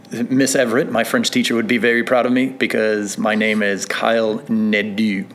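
A man from northern Illinois with a fairly low voice chats loosely and rambles, joking at his own expense and leaning on uhs and ums. A faint background hum sits behind him. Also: little pitch movement, moderate pace, a bit bright. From northern Illinois, USA. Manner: rambling and self-deprecating, with many fillers. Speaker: interview guest, assistant track manager. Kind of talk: casual interview chat. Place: tower room at a country club, indoors.

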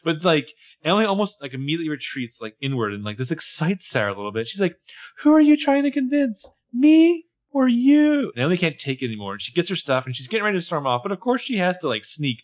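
A man's voice: medium pitch, very fast, hardly any pauses. A man co-hosting a podcast, recapping a TV episode in casual chat and acting out characters' lines. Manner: animated, acts out characters' lines. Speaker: podcast co-host.

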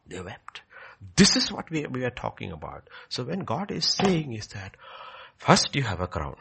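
Gravelly-voiced male preacher, lively delivery. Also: medium pitch, normal speed, noisy background. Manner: emphatic, repeats key phrases, swings from loud to quiet. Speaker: pastor. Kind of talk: sermon.

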